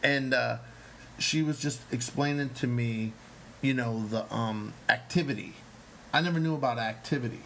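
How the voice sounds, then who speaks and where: A man with a gravelly, fry-edged voice, chatting loosely about his acting work. He tells stories with energy and swears freely. A faint hiss sits under the recording. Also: medium pitch, moderate pace. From New York. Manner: animated, swears often, acts out yelling teachers. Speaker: actor. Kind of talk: casual storytelling chat.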